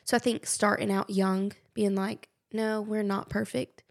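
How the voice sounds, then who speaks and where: A woman's voice: medium pitch, level tone, a little slow, creaky. A young woman hosting a podcast, effusive and gushing in casual conversation. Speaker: podcast host.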